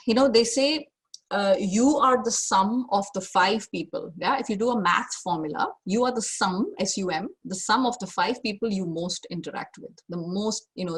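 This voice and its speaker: A woman's voice: mid-range voice, husky. A woman career coach giving an online masterclass over a video call, direct and emphatic, stressing her key points more than once.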